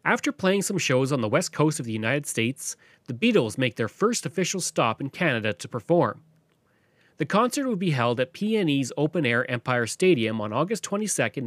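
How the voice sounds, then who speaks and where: A man hosting a podcast, narrating history from a script in a lively storytelling way. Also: on the high side, no room sound. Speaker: podcast host.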